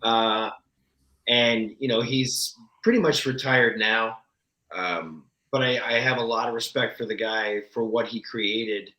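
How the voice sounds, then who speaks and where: A man talking as a guest actor, telling candid, animated stories with a self-deprecating streak. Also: mid-range voice, a little slow, highs cut off. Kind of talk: casual interview storytelling. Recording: echoey room.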